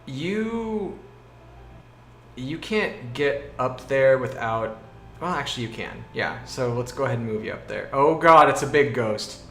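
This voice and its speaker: A male game master narrates a tabletop game over a voice call in an animated, goofy way, full of exclamations. His voice sits in the middle of the male range and rings in an echoey room with a faint hiss behind it. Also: medium pitch, unhurried.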